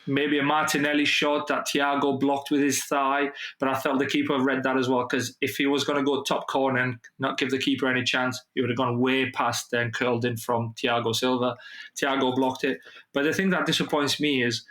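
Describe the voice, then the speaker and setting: A man co-hosting a casual football podcast, talking in an animated way and swearing freely. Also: mid-range voice, a little fast. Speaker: podcast co-host. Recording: roomy echo.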